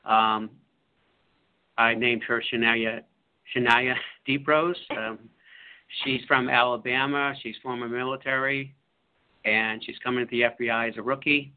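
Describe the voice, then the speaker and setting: A man, an author, talking about his book in a halting way with many fillers. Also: mid-range voice, steady tone. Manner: halting, full of fillers and restarts. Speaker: author being interviewed. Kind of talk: casual radio interview. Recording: phone-like line.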